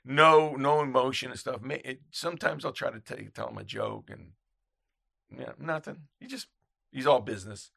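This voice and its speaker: A man who photographs red carpets, telling anecdotes in casual chat and acting out quotes in loud, high voices. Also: normal speed, vocal fry, husky, no room sound, clean studio sound.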